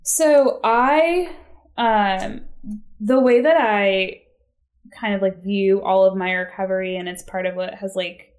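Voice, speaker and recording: A woman's voice: mid-range voice, takes it slowly, darkish tone. A young adult woman telling her recovery story as a podcast guest, rambling and self-deprecating, with lots of "like". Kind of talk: casual conversational storytelling.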